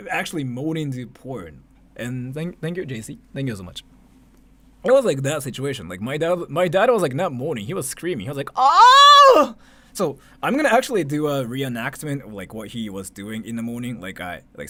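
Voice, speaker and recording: A man in his thirties from Japan with a Japanese accent, chatting casually on a livestream, animated, laughing often and swearing between filler words. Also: mid-range voice. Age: 30s.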